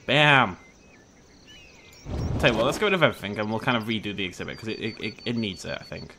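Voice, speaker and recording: A man's voice: lowish voice, sing-song, rapid-fire, background noise. Jokey man narrating gameplay. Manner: chatty, jokey, talks to the animals, sudden shrieks of surprise. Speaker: gaming video host. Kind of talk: casual let's play commentary.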